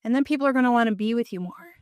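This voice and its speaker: Middle-aged woman, podcast guest, smooth and resonant, dry close sound, eager explainer. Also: fairly high pitch, dry recording. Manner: enthusiastic, explains in quick lists. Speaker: guest, nutrition therapy practitioner. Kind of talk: podcast interview.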